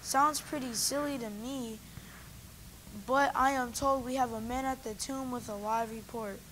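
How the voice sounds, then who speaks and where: A woman's voice: fairly high pitch, steady tone, unhurried, fairly bright tone, a little hiss or hum, low-quality recording. A woman playing a skeptical, flustered TV news anchor in an amateur church skit, sounding doubtful and exasperated. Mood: incredulous.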